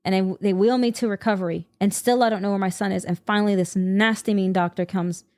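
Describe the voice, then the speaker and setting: A woman's voice: mid-range voice, steady tone, fast, darkish tone. A woman co-hosting a casual podcast, telling a personal story in an emotional, heated way, with many restarts. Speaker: podcast co-host.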